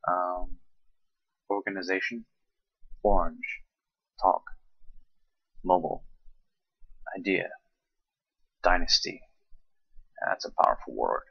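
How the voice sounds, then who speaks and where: A tired young man from Charleston with a Southern accent, reading a word list slowly and hesitantly with many ums. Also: low voice, flat delivery, creaky, slightly rough, dry recording, highs cut off. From Charleston, South Carolina. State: tired, late at night. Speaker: vlogger.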